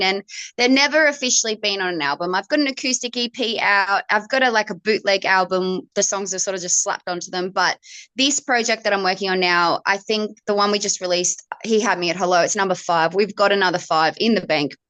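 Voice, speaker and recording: A woman's voice: mid-range voice, brisk, dry recording. A young adult woman with an Australian accent, a country-pop singer telling stories in a casual interview and acting out the voices she quotes. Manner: animated storyteller, acts out quoted voices.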